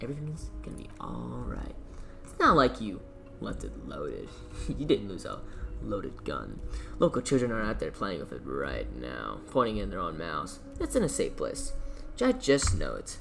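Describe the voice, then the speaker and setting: A man voicing a scheming, smooth-talking male union boss in a game let's-play, speaking slowly and in a deliberately reassuring way. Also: on the low side, huge pitch swings, fairly bright tone, soft background music, heavily acted. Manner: slow, oily, deliberately reassuring.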